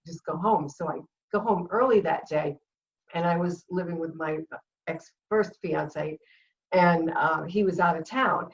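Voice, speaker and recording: A woman's voice: on the low side, far from the mic, highs cut off. A middle-aged woman with a Rhode Island accent, a guest on a video chat show, telling a story with lots of laughs and acted-out quotes. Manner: animated storyteller, laughs often, acts out quotes. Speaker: guest, comedian and former cheerleader.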